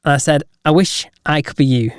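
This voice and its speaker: A man co-hosting a casual podcast, telling jokes deliberately and chuckling at his own punchlines. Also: fairly high pitch, clean tone, no echo, clean studio sound. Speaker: podcast co-host.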